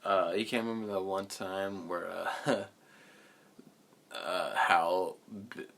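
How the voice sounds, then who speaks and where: A man's voice: deep voice, fairly even intonation, slow, vocal fry, fairly bright tone. A young man hosting a podcast in casual chat, rambling and swearing often, losing his train of thought. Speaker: podcast host.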